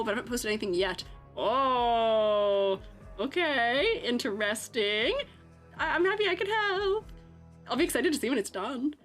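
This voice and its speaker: Bubbly, giggly woman streamer. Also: a little high. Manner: bubbly, giggly, quick to get excited. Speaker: freelance artist and art educator streaming. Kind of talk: casual livestream chat while drawing.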